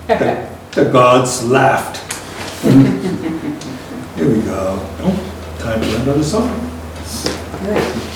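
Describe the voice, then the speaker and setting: An older man with a Liverpool accent telling a reminiscence in a slow, reflective way, laughing between lines. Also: medium pitch, very animated. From England. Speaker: storyteller. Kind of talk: storytelling reminiscence. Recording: roomy and distant with faint noise.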